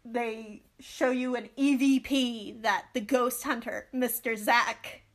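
Young female podcast co-host, high-pitched, animated, ranty casual chat. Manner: animated, ranting, quick asides.

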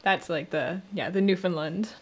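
A woman's voice: lowish voice, normal speed, husky. A woman from Canada with a Canadian accent, a voice actress chatting casually as a guest and laughing often. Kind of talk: casual chat.

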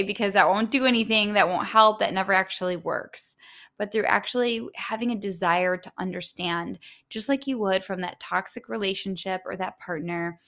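A woman coach giving a self-help talk, gentle and earnest, speaking straight to the listener. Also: medium pitch.

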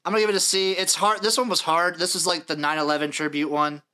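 A young man in his late twenties hosts a casual sports podcast, his voice bright, somewhat high, steady, and quick. He works through a list in order, reading out dates and acts with dry asides.

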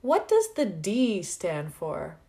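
A woman voicing a poised, quick-witted young male college student who teases and gets a little defensive, in a read-aloud story. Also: on the low side, huge pitch swings, dark tone, exaggerated voice. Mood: playful.

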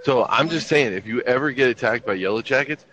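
A man's voice: mid-range voice, brisk, a bit bright. A man in his fifties telling army stories in casual chat, with a laid-back, profane, wry delivery. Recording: dull lo-fi recording with faint ambience.

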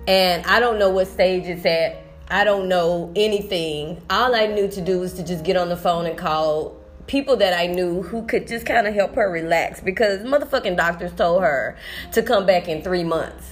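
A woman's voice: on the low side, normal speed, soft background music. A woman teacher talking through a personal vlog monologue, emotional and rambling, restarting her sentences often. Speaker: sixth-grade teacher.

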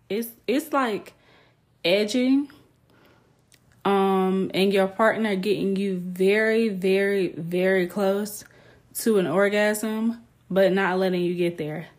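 A woman's voice: medium pitch, a little mellow. Frank, chatty young woman podcast host. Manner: frank, laughs often, loose and chatty. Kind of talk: candid casual monologue.

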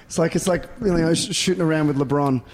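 A man's voice: a little high, fast. A man, chatting casually as a podcast guest in a rambling, laid-back way with lots of fillers. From Australia. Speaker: podcast guest, show performer. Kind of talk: casual chat.

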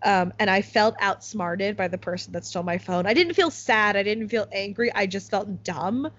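With a medium-pitched, fairly bright voice, this young woman from the US chats casually on her podcast at an ordinary pace. She uses "like" as filler constantly, and the audio is slightly muffled.

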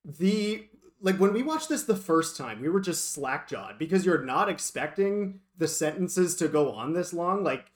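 Guy cohost chatting about a movie, kinda high voice, wry and relaxed. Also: a little slow. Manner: relaxed, wry commentary with fillers and quoted lines. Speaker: podcast co-host. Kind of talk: casual film recap chat.

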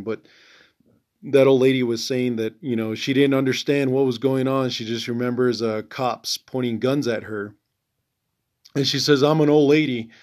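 A man's voice: medium pitch, darkish tone. A man hosting a podcast, talking casually in a blunt, profane, rambling way with lots of fillers. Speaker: podcast host. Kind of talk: casual monologue.

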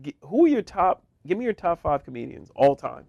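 Man, podcast co-host, casual chatter, quick laughs, dry close sound. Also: a little high, very animated, gravelly, a little mellow, dry recording, muffled recording. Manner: talkative, quick laughs, lots of agreeing. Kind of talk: casual chat.

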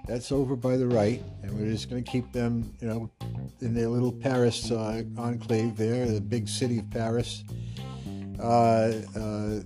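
A man's voice: mid-range voice, little pitch movement, measured pace, music in the background. An American man hosting a podcast in casual, rambling talk full of fillers and restarts. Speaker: podcast host.

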